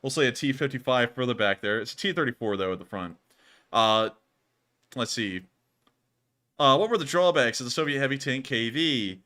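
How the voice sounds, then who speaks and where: A man hosting a casual live stream, animated and quick to laugh. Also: medium pitch. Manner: animated, laughs often, says y'all. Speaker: host.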